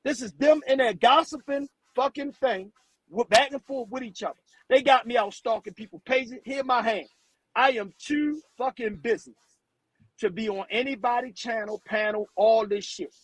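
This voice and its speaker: A livestreamer with a very high-pitched voice speaks at normal speed, ranting bluntly and with plenty of profanity. Riled, he stumbles on repeated words; the recording is dry and rough.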